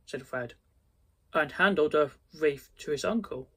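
Storybook reader: a man, slightly high, slow careful delivery. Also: fairly bright tone, slightly rough. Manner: slow, careful reading with small slips. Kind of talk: reading a storybook aloud.

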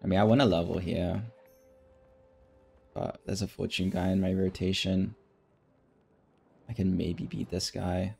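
A man with a deep, gravelly voice talks through his game as a streamer, musing aloud in an easygoing way. Faint music plays under his casual commentary. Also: unhurried, pauses often. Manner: thinking aloud, relaxed, mumbling asides. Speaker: streamer playing a strategy game.

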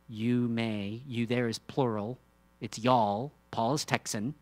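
A pastor delivers a sermon conversationally, shifting from hushed, low asides to loud, emphatic peaks, with rhetorical questions and teasing asides. His tone stays steady and his pace is slow.

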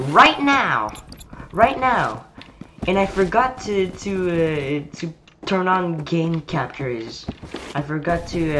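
A woman's voice: sits low, background noise. A woman rambling and swearing irreverently as she comments on her gameplay. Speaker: gamer. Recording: loud gunfire game audio behind.

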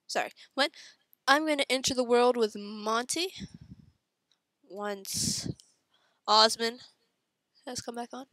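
A woman's voice: fairly high pitch, slow, pauses often, sharp tone, dry recording. A woman co-hosting a let's play, chatting casually and reacting to the screen as she plays. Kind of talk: casual gameplay chat.

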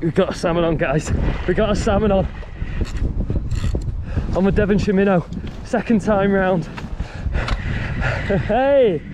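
A man, out of breath and excitable, giving vlog commentary while fishing outdoors by a river. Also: sits high, normal speed, long pauses. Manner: excitable, breathless, swearing mildly. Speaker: fishing vlogger. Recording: outdoor vlog with loud water noise.

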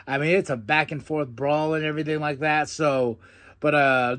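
A young man with a slightly high voice runs through a wrestling show in a loose, chatty recap. He jumps into excited voices to mimic the wrestlers and laughs easily. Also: moderate pace. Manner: animated, quotes wrestlers in excited put-on voices, laughs often. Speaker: podcast host.

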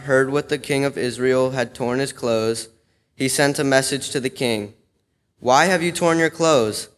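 A man reading a scripture passage aloud at a church service, steady and measured. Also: mid-range voice, clean tone. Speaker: scripture reader. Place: church sanctuary. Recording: long reverb of a church sanctuary.

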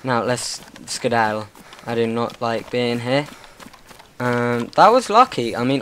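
A man's voice: medium pitch, lively intonation, a little slow, a bit bright. A young man rambles nervously through his gameplay, muttering to himself and scolding the zombies on screen. His voice sits in an ordinary middle register, recorded on a desk mic with a faint hiss underneath. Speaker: gaming channel host. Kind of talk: casual gameplay commentary.

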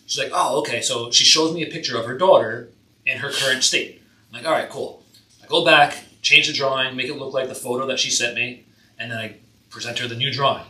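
Fast, very bright, exasperated man. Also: mid-range voice, reverberant. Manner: quick, exasperated storyteller quoting clients. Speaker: tattoo artist, podcast guest. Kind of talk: casual storytelling chat.

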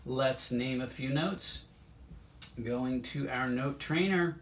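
An encouraging man teaches a music class online and talks his students through each exercise step by step. His voice sits at a middle pitch for a man. A faint hiss of noise runs under the recording. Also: takes it slowly.

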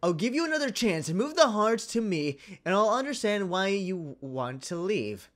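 A man's voice: high-pitched, sing-song, moderate pace, fairly bright tone. A man reading out game dialogue as a clingy, lonely, lovesick character, pleading and melodramatic.

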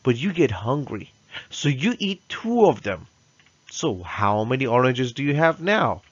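Slow, patient male math teacher. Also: mid-range voice, big pitch swings, breathy edge, no room sound. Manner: slow, patient, coaxing with frequent "right?" checks; drills pronunciation, having children repeat words. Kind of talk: recorded classroom lesson for young children. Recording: dull, dry lo-fi recording.

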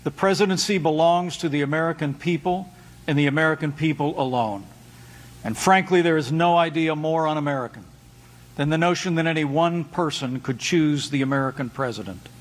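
A man's voice: a little high, a little fast. Solemn man giving a formal speech. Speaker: politician.

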